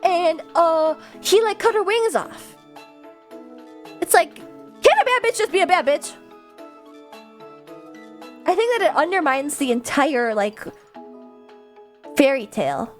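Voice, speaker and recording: Young woman streamer, high bouncy voice, chatty and animated, laughs a lot, swears casually while reading chat. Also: takes it slowly, pauses often, faint music behind. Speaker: livestreamer.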